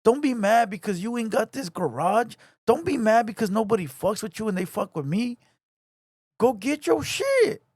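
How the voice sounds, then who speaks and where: A man's voice: high-pitched, animated, brisk, few pauses, darkish tone, dry recording, studio quality. A man ranting to camera, taunting and repeating himself in a confrontational way. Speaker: online commentator. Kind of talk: heated rant to camera. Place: home garage.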